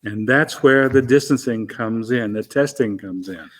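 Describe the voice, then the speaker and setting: A man from Arkansas with a softened Southern accent, a guest explaining things in a measured way with dry wit. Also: medium pitch, long reverb tail. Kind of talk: interview answers.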